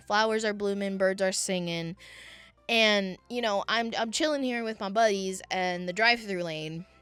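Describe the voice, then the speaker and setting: A young woman vlogger animatedly retelling a work story to camera, with dramatic pitch jumps. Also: fairly bright tone, clean tone.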